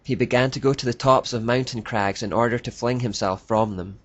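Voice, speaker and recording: A man reading scripted documentary narration in a measured, declarative way. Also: mid-range voice. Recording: dull lo-fi dry voice-over.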